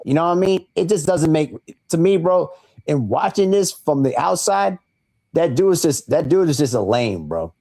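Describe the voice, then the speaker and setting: Male podcast co-host, mellow warm tone, blunt, casual, says "bro" a lot. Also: a little high, expressive, normal speed, gravelly. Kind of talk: podcast commentary.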